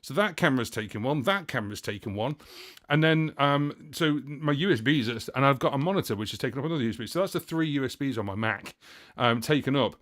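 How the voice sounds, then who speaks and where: Rambling, chatty male livestream host, casual and full of fillers, mid-pitched. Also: animated, fast, fairly bright tone. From United Kingdom. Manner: chatty and rambling, many fillers and self-corrections. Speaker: livestream host and looping musician. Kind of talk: casual livestream chat answering viewer questions.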